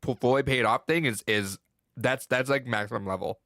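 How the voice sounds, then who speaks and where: A man's voice: mid-range voice, normal speed, creaky, bright, forceful tone, no echo, clean studio sound. A man co-hosting a casual podcast who comments emphatically and swears. He restarts his sentences often as he works through his thoughts. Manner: emphatic, profane, restarts a lot while thinking aloud. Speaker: podcast co-host.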